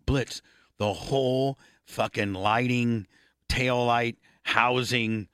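A man's voice: mid-range voice, steady tone, slow, a bit bright, clean tone, no room sound. A male radio show host in crude, casual studio banter, brash and full of swearing. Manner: profane, brash, teasing.

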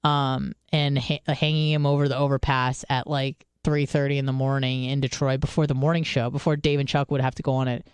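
Woman, podcast host, casual chat, profane rambling storyteller, clear smooth tone, dry close sound. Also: a bass voice, little pitch movement, fairly quick, hardly any pauses, no room sound.

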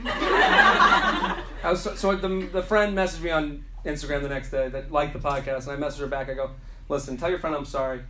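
A man hosting a comedy podcast live on a club stage, telling a story in an animated, joking way with plenty of swearing. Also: fairly high pitch, fairly quick. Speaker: podcast host. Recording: echoey club with audience noise.

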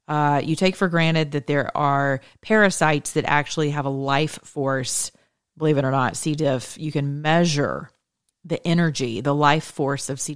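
A middle-aged American woman talking casually to her audience, telling an animated story full of quick asides and self-corrections. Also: low voice, clear, resonant tone. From United States. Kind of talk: casual monologue.

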